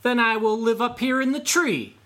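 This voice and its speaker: A man voicing a crafty male raccoon trickster in a folk tale, with a coaxing, playful manner and a raised, lively voice. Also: high voice, slow, voice pushed up, full character voice. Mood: teasing.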